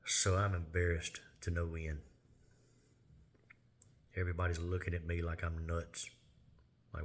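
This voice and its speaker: A man telling a personal testimony in an earnest, plain-spoken way with halting pauses. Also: low voice, completely flat delivery. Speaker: lay minister sharing testimony.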